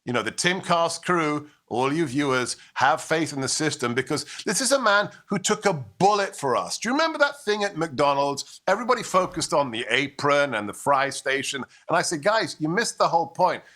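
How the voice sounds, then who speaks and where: A middle-aged man, an immigrant to the United States, speaks as a guest commentator with a forceful, bright, ringing tone. He talks in emphatic rhetoric and drives each point home, slipping into stories along the way. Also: on the high side, sing-song, moderate pace, hardly any pauses. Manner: forceful, rhetorical, with storytelling and impressions.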